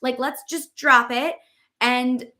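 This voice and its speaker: A woman's voice: sits high, fairly even intonation, slow pace, sharp tone, heavily acted. A woman voicing her own grumpy inner child, whiny and fed up. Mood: cranky. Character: cranky inner child wanting to celebrate.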